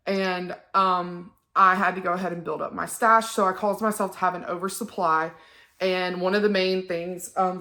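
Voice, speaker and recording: Her mid-range voice has a sharp edge as this young vlogger chats to her phone camera from the couch at home. The talk is personal and emotional, one-on-one, and heavy with ums.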